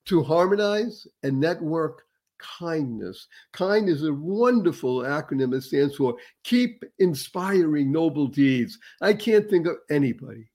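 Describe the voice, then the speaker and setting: A man's voice: a little high, expressive, measured pace, darkish tone. A man hosting a motivational talk show, speaking emphatically and building to showy introductions. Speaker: host.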